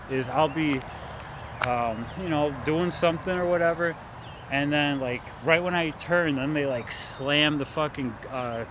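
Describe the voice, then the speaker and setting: A man's voice: on the high side, background noise. A man vlogging outdoors near parked cars, talking in a profane, agitated, rambling way with many fillers. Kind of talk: rambling monologue to camera.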